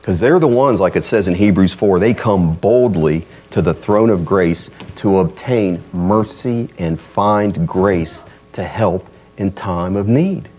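A man preaching a sermon in a conversational way, acting out quoted voices and moving between loud emphasis and quiet, low asides. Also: slow pace, few pauses, breathy edge. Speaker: pastor.

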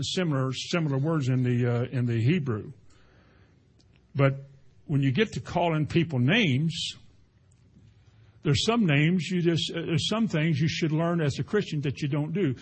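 With a slightly high, breathy-edged voice, a man preaches by telling homely stories. The pastor's manner is folksy and animated, and he throws in playful sound effects as he goes.

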